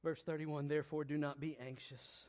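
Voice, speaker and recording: A male preacher delivering a sermon, moving between quiet, low reflection and loud, emphatic exhortation, with slow, deliberate repeated phrases. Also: flat delivery.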